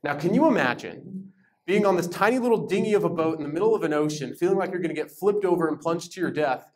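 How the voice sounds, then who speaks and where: A man leading a Bible study, teaching in a lively, conversational way and giving verses dramatic emphasis. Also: on the high side, fast. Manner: animated, emphatic, reads verses aloud with dramatic stress. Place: church meeting room.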